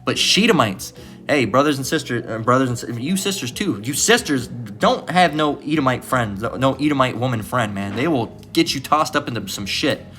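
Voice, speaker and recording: A man's voice: mid-range voice, expressive, moderate pace, a bit bright. A man delivers an informal Bible lesson in a loose, profane, emphatic way. He keeps checking in with "all right?" and repeats his points. His voice sits in a mid register, and faint music plays behind him. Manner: emphatic, often repeats himself. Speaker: preacher teaching a Bible lesson.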